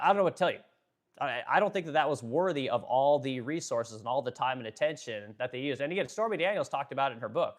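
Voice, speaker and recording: A man hosting a political livestream, ranting, swearing freely, using many fillers, and stopping to read and answer viewer chat. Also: mid-range voice. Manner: fast-talking, ranting, profane, filler-heavy. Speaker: livestream host.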